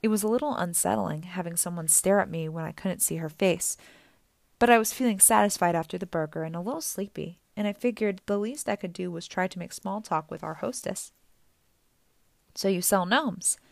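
A woman narrates a novel in the first person with a steady storytelling delivery. Her voice sits on the low side, and the recording is dry and close. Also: fairly quick, gravelly, no room sound. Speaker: audiobook reader.

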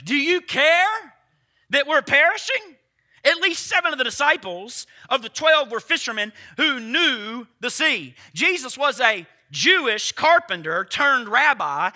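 A man's voice: very high-pitched, sharp tone. A man preaching a sermon emphatically, firing rhetorical questions at his congregation. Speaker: pastor.

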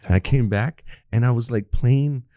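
A man co-hosting a podcast, telling stories in a relaxed, casual way with plenty of swearing. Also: medium pitch, normal speed, dry recording, clean studio sound. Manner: laid-back storyteller, swears freely. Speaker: podcast co-host. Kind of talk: casual chat.

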